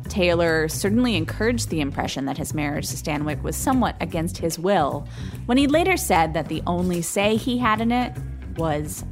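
A woman with a somewhat low voice narrates from a script. She tells her story with a wry, questioning edge. Music plays plainly behind her the whole time. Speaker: podcast host.

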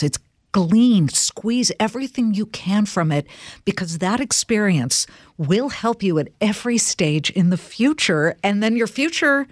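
A woman from California hosting an interview podcast, asking questions in a lively, encouraging way and speaking directly to her listeners. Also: mid-range voice, a little slow, dry recording, studio quality. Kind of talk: conversational interview.

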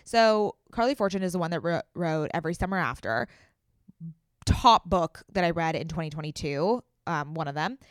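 A woman's voice: fairly low pitch, expressive, normal speed, clear, resonant tone, dry recording, clean studio sound. A young woman hosting a podcast in a casual solo chat, chatty and giggly, tripping over her words now and then. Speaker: podcast host.

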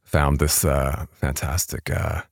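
A man's voice: rumbling low, flat delivery, slow, dry recording, studio quality. A man hosting a podcast interview, talking casually with lots of fillers and restarts. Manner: rambling, self-deprecating, many fillers and restarts. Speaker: podcast host. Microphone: studio podcast mic.

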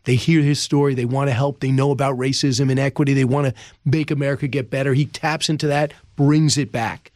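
A man's voice: mid-range voice, a little fast, no echo, studio quality. A man, an author on a podcast, telling a story with energy and acting out what people in it said. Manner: energetic, acts out quoted speech in the story. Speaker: author guest. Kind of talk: animated storytelling in a podcast interview.

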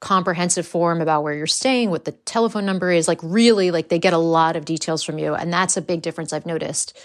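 A woman comedian chatting as a podcast guest in a fairly low voice. She keeps it breezy and jokey and drops in quick asides. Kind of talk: casual podcast chat.

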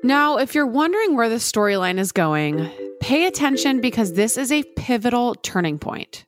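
A woman's voice: fairly high pitch, big pitch swings, moderate pace, music in the background. A woman co-host narrating a true-crime story with earnest, sympathetic commentary. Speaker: podcast co-host.

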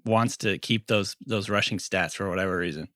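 A man's voice: deep voice, normal speed, bright, forceful tone, no room sound, clean studio sound. A man in his forties co-hosting a podcast in casual chat, rambling and joking with lots of fillers. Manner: rambling, jokey, trailing off with fillers. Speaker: podcast co-host.

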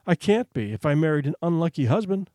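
Bitter, worn-down mother, man reading the part, slightly lifted voice, slow sour replies. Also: fairly high pitch, sing-song, warm tone, no room sound, clean studio sound. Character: bitter, weary adult mother worried about money.

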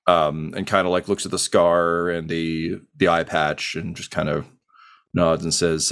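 A man's voice: low voice, level tone, a little slow, fairly bright tone, clear, resonant tone. A man running a tabletop game as game master, narrating casually with lots of fillers.

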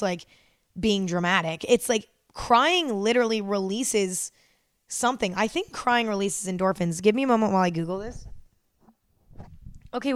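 A woman's voice: medium pitch, clean tone, no echo, studio quality. Candid, rambling young woman podcaster. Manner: rambling, candid, swears freely. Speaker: podcast host. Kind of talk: casual solo podcast chat.

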